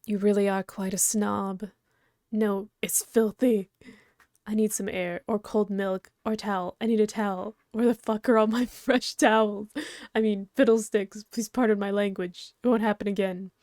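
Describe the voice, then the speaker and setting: A woman's voice: mid-range voice, flat delivery, normal speed, darkish tone, no room sound, studio quality, close to an everyday voice. A woman voicing a prim, snobbish and very strong male troll aristocrat, haughty and formal, reading a webcomic aloud. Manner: haughty, fussy, formal wording.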